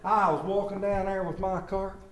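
A man's voice: sits high, little pitch movement, moderate pace, reverberant, rough recording. A man preaching a sermon, reading scripture and telling stories with emphatic calls to his congregation. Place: church.

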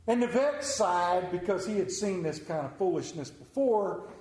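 A man's voice: high voice, animated, normal speed, a little mellow. A man pastoring a church, telling a joke story in a folksy manner and then reading a psalm aloud. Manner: folksy storyteller, drawling humor. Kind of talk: sermon with jokes and scripture reading. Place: church sanctuary. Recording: echoey church room.

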